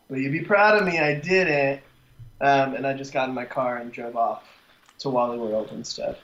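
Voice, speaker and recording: A man co-hosting a podcast in casual chat, teasing and chiming in with quick reactions. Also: mid-range voice, fairly bright tone, dull audio. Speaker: podcast co-host.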